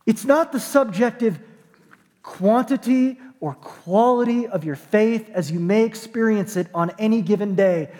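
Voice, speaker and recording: A man's voice: sits high, dark tone, big-room sound. A man preaching a sermon as pastor, conversational and emphatic, with dry self-deprecating jokes.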